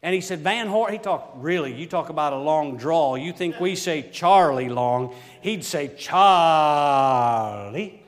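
A middle-aged man preaching a sermon, telling stories in a folksy, animated way with frequent exclamations. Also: fairly high pitch, normal speed, hardly any pauses, big-room sound. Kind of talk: storytelling sermon.

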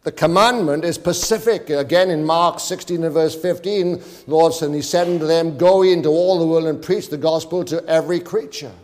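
This preacher's voice is slightly high and darkish, with fairly even intonation, a slightly fast delivery, and hardly any pauses. He exhorts the congregation, reading King James scripture aloud and pleading with them, while long hall reverb fills the sermon.

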